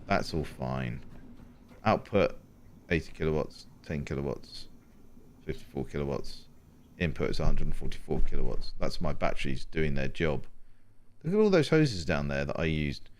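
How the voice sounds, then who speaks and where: A man, chatting to himself and his viewers while playing a game, with animated exclamations. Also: extremely low pitch, moderate pace. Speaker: game streamer. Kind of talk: casual gameplay commentary.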